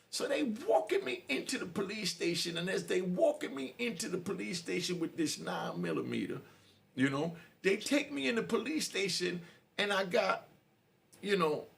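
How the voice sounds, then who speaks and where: Animated New man, gravelly voice. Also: high-pitched. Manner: animated, slangy, frequent "you know". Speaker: podcast host. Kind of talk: street storytelling monologue.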